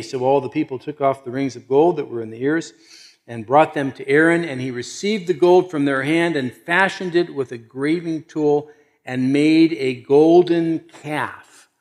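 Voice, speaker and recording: A man preaching a sermon and reading scripture aloud, swinging between loud emphasis and hushed asides. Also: a little high, a little slow. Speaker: pastor.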